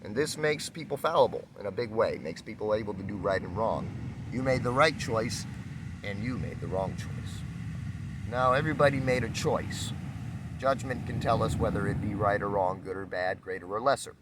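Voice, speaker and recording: Low-voiced man musing outdoors. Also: normal speed, heavy background noise. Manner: rambling, repetitive, acts out quoted exchanges. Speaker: spiritual speaker. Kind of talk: casual spiritual talk.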